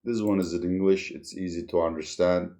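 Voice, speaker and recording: A man's voice: sits low, steady tone, a little fast, warm tone. A man hosting his own commentary channel, talking in a wry, sardonic way and chuckling as he explains things. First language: Turkish. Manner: wry, sardonic, chuckles through serious points. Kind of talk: solo video commentary.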